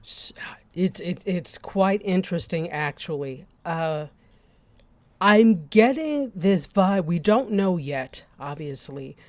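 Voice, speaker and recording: A woman co-hosting a TV review podcast in casual chat, playful and teasing, quick to giggle. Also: fairly low pitch, expressive, a little mellow, no room sound.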